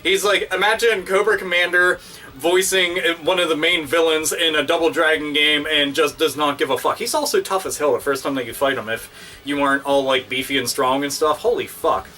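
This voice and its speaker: A man hosting his own video, ranting casually and excitedly with constant swearing and crude exaggeration. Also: fairly high pitch, a little fast, recorded from a distance. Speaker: video host. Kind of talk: casual profane rant.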